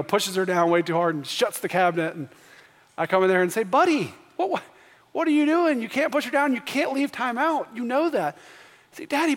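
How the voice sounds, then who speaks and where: A man in his thirties preaching a sermon as pastor, telling family stories in a conversational way and building to emphatic questions. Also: sits high. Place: church sanctuary. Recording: long church reverb.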